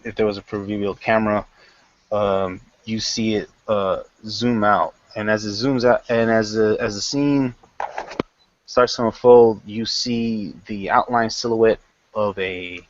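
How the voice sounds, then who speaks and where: A man narrating a tabletop role-playing game as game master, halting often with fillers and restarts, on a dull lo-fi recording. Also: on the low side, fairly even intonation, dry recording.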